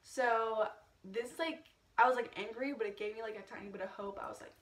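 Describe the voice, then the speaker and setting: A woman's voice: on the high side, a little fast, a bit bright, reverberant, far from the mic. A young woman in a casual storytime vlog, chatty, laughing often and swearing freely. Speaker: vlogger.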